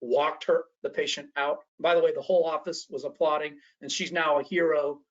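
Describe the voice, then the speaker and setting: A man's voice: a little high, fairly even intonation, a little fast, muffled recording. A man presenting a training workshop in a lecture style. He talks animatedly, often restarts his sentences and acts out the voices of the people he quotes.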